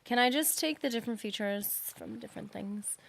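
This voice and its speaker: A woman's voice: a little high, fairly quick, creaky, a bit bright. A woman streaming a game live, chatting casually and thinking aloud as she answers her viewers. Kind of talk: casual live-stream chat while gaming.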